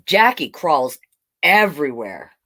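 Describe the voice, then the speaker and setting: A woman reading picture books aloud to children, with chatty, animated asides to the viewers. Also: low-pitched, takes it slowly, a little hiss or hum. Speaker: storytime reader.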